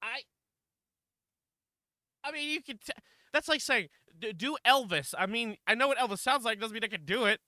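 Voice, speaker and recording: Lively bright-voiced swearing male streamer. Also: extremely high pitch, normal speed, pauses often, dry recording, studio quality. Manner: swearing, laughing, flustered. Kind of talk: casual live-stream chat.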